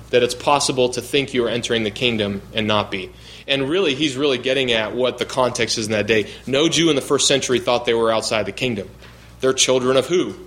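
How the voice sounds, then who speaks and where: A man preaching a verse-by-verse sermon. He asks questions and answers them himself, and he slows down to press his key points. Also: medium pitch, fairly bright tone. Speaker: pastor. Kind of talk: expository sermon.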